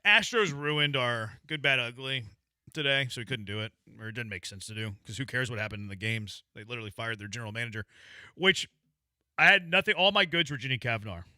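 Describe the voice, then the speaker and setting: A man's voice: mid-range voice, lively intonation, a little fast, bright, forceful tone, no room sound. A man hosting a sports radio show, joking and playful in casual banter with his co-hosts.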